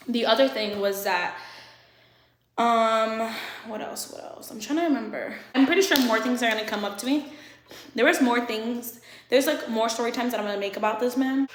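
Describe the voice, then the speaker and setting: A young woman vlogger telling a casual storytime, animated, swearing freely, with laughing asides. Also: a little high, brisk. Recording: echoey room.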